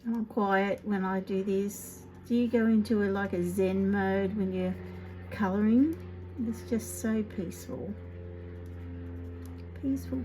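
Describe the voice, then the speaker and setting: A woman demonstrating card-making in a casual tutorial, chatting to herself as she works and often dropping into soft half-whispered asides. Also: medium pitch, background noise. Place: indoors at a craft table.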